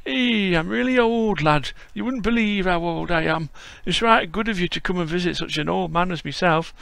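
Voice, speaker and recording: A man putting on the voice of a very old, frail, friendly man with a Yorkshire accent, speaking in slow homely dialect. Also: high-pitched, gravelly, a bit bright, clear, resonant tone, no room sound, voice pushed up. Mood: welcoming.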